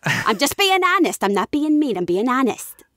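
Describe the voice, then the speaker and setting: Brief: woman doing a pushy New York lady, New York accent, loud and blunt. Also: high voice, big pitch swings, moderate pace, no echo, clean studio sound, pitched above the performer's own voice. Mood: brash. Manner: brash and blunt.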